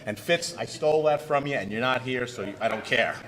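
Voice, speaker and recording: A man's voice: medium pitch, brisk, crowd noise, rough recording. A middle-aged man, a trial lawyer from the United States, giving a conference presentation in a folksy, punchy manner and talking straight to the audience.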